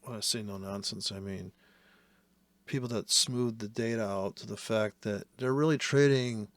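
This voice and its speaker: A man's voice: on the low side, steady tone, normal speed, no echo. A man giving casual, profane and sarcastic commentary while trading live.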